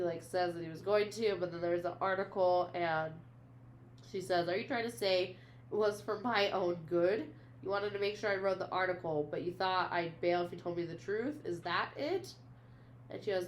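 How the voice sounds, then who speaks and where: A woman's voice: lowish voice, a little hiss or hum. A young woman co-hosting a podcast, chatting casually as she recaps a novel and acts out its quoted lines with lots of fillers. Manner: animated, reads quoted lines aloud, many fillers. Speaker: podcast co-host.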